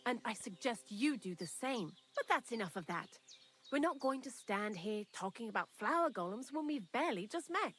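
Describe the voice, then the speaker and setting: A woman's voice: a little high, lively intonation, moderate pace, fairly bright tone, faint music behind. A woman voicing a talkative young woman hiding out in a thieves' lair in a video game, candid and dryly morbid. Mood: chatty. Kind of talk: game character dialogue.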